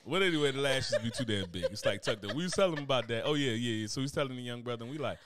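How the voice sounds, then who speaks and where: A man in casual comedic chat, animated and slangy, acting out quotes in voices. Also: mid-range voice, very fast.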